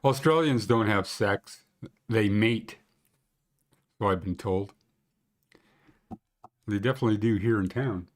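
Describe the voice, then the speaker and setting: A man hosts a casual live stream about local ski conditions in the Banff area, chatting with viewers in a rambling, joking way with lots of fillers. His pitch is fairly low, and he speaks unhurriedly, pausing often.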